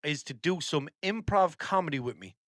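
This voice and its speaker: An Irish man hosting his own podcast, talking a bit high in pitch. He rambles, swears freely and gets exasperated quickly. The sound is dry and close. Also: animated, no echo. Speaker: podcast host. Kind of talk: casual chat.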